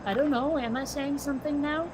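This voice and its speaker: A woman chatting casually in an online group call, joking and quick to poke fun at herself. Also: high-pitched, fairly even intonation, a crowd in the background, low-quality recording. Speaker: chat participant.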